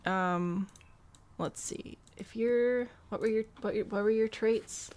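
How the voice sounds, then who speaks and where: A woman's voice: mid-range voice, normal speed. A young woman giving casual, rambling gameplay commentary, thinking aloud and poking fun at herself. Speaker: gameplay host.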